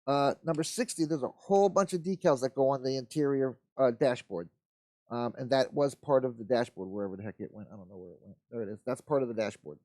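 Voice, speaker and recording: A man's voice: medium pitch, fast, warm tone, dry recording. Guy hosting a live model kit build, folksy and rambly, mumbles to himself, dry close sound. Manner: rambling, talks to himself while working; easygoing, folksy. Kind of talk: casual live build commentary.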